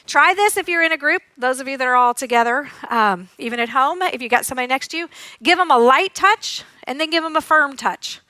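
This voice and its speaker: A woman occupational therapist giving a lively, demonstrative conference talk, acting out sounds and giggling as she teaches. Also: high-pitched, brisk, no echo. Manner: giggles often while teaching. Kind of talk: live conference presentation.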